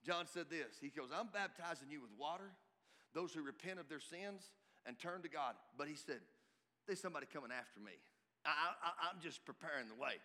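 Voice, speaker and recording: Fiery preacher, bright, in a hall. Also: male voice, on the high side, expressive, a little fast. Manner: emphatic, rising to shouts at peaks. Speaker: pastor. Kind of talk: sermon. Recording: reverberant hall.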